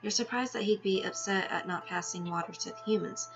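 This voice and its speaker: A woman's voice: mid-range voice, brisk. A woman reading a text game aloud with her own asides, now and then tripping over words and laughing at herself. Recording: dull lo-fi sound with music behind.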